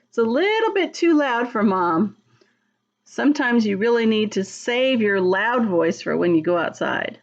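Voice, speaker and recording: Woman, storytime reader for young kids; slow, gentle, asks questions; muffled lo-fi sound. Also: on the high side, lively intonation. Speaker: early-childhood reader. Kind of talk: reading a picture book aloud to young children.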